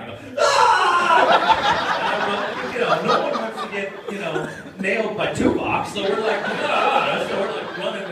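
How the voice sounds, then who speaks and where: Male convention guest, animated storyteller who does the voices and laughs a lot, raised pitch, captured distantly in a big echoey room with audience noise. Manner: acts out quotes, laughs often. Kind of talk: animated anecdote on stage. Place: convention hall. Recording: roomy hall, distant mic, noisy.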